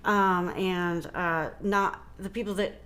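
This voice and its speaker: A woman's voice: fairly low pitch, fairly even intonation, takes it slowly, a bit bright, a little hiss or hum. A middle-aged woman, a guest musician on a podcast, speaking earnestly and often finishing her twin sister's sentences in casual conversation. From Ohio, USA. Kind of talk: casual interview chat.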